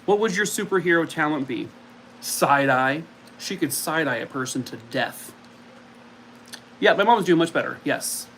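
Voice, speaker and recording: A man's voice: a little high, animated, normal speed, pauses often, fairly bright tone, a little hiss or hum, low-quality recording. A man hosting a casual live stream from home, chatting and cooing at his dog. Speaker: streamer host.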